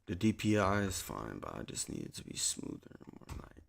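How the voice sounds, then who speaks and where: A man streaming from a small home desk, chatting to viewers in a slangy, profane, rambling way into a desk mic, sometimes yelling at a friend. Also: sits low, very animated, fairly quick, creaky. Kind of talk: casual live-stream chat. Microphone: desk mic on a soundboard.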